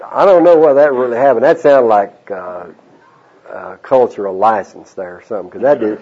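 A man's voice: medium pitch, mellow, slightly rough. A man preaching a sermon as pastor, folksy and joking, mixing stories with teaching. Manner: folksy, joking asides with laughter. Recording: dull lo-fi sermon recording.

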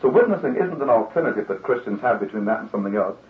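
A man's voice: on the low side, animated, racing, echoey room. Man preaching over tinny old radio. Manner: earnest, conversational, acts out quoted voices. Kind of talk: radio sermon.

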